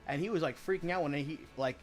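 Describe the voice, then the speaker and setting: A man's voice: a little high, fast, soft background music. A man chatting casually while he streams a video game, rambling and swearing as he retells stories.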